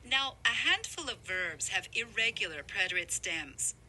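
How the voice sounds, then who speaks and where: Bright, lively woman teaching grammar. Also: medium pitch, moderate pace, a little hiss or hum, rough recording. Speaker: language instructor. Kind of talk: scripted lesson narration.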